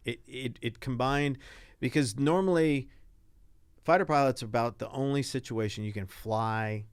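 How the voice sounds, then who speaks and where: An older man, a retired Navy pilot, telling animated stories as an interview guest and acting out the people he quotes. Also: medium pitch, moderate pace, smooth, no room sound, studio quality. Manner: animated anecdotes, acts out quoted voices. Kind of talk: casual interview storytelling.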